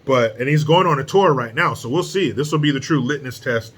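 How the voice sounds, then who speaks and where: A man's voice: mid-range voice, fairly quick, a bit bright, husky. A man hosting his own opinion commentary, talking bluntly and sarcastically, with frequent swearing. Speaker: political commentary host.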